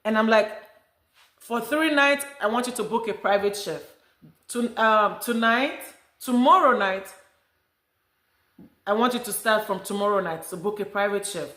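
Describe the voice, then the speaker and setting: A woman's voice: mid-range voice, fairly quick, a bit bright, roomy sound. A middle-aged woman from Nigeria with a Nigerian accent, chatting casually and animatedly to her viewers about her travels. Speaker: vlogger.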